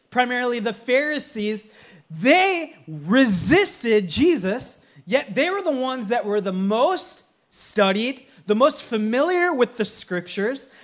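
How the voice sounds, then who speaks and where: Very high-voiced man preaching a sermon. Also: a bit bright. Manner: earnest and emphatic, breaking into playful humor. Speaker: pastor.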